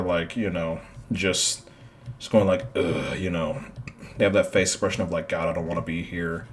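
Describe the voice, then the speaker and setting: A man streaming his art, chatting casually and thinking out loud with lots of fillers as he draws. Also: deep voice, a little hiss or hum. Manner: rambling, thinks aloud with many "like"s. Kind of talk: casual commentary while drawing.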